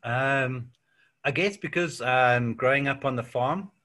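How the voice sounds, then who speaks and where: A man's voice: mid-range voice, unhurried. A South African man in a casual interview, telling stories with lots of "yeah" and "um". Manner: relaxed storytelling with frequent fillers and "yeah". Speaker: interview guest. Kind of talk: casual chat.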